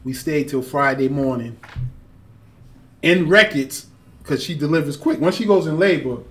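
A man telling a story in casual podcast chat, animated and slangy, with a lot of swearing. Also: fairly high pitch, normal speed. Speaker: podcast guest.

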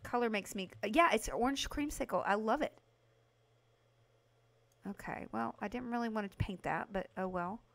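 Woman, game streamer, casual chatty commentary, talks to chat, excited outbursts. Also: medium pitch, normal speed, gravelly, long pauses. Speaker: livestream host playing a video game.

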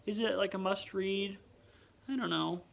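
A man's voice: sits high, measured pace, creaky, low-quality recording. A man vlogging in a casual chat to the camera, rambling and musing aloud with wry, self-mocking humor.

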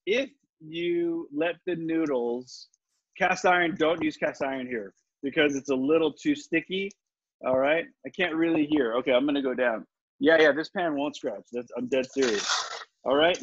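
Over slightly dull video-call audio with faint noise and no echo, a man runs a live online cooking class. His slightly rough, a little high voice moves at normal speed as he confidently chats through each step and fields questions.

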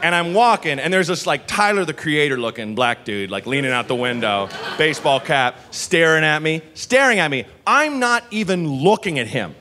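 Animated male stand-up comic, bright voice. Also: fairly high pitch, normal speed, few pauses. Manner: animated storytelling, rambling asides. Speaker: stand-up comedian. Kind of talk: stand-up comedy set. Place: live comedy venue on stage.

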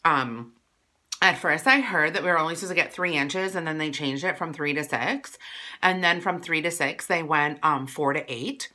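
A woman's voice: deep voice, normal speed, bright, forceful tone. A woman from Wisconsin chatting casually to her viewers while eating lunch, rambling between bites. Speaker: vlogger. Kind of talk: casual mukbang vlog chat.

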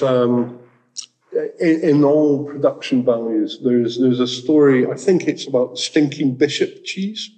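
Slow, rambling man giving a talk. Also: medium pitch, mellow, low-quality recording. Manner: rambling, restarts and jokey asides with put-on quotes. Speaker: speaker at a community education talk. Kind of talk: informal public talk.

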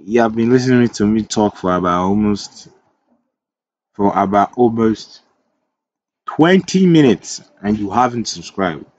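A man's voice: fairly low pitch, animated, unhurried, dull audio. A man teaching web development in a screen-recorded coding tutorial. He thinks aloud as he types, corrects himself, and drifts into chatty asides.

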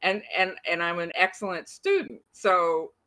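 Woman in her 60s with a bright, crisp voice, telling family stories with lively animation. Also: lowish voice, a little slow, rough recording. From United States. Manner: lively, animated storytelling with laughs and restarts. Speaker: interviewee. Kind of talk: recorded conversation between siblings.

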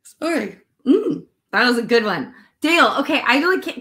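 A woman giving intuitive readings on a livestream, talking in a dreamy, drawn-out way and yawning often. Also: a little high, sing-song, a bit bright. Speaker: intuitive reader.

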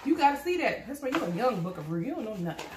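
A woman's voice: on the high side, big pitch swings, racing, echoey room, distant mic, over a noisy crowd. A woman hosting an eating-show chat, teasing and blunt, laughing often. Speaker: host. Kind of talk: mukbang chat.

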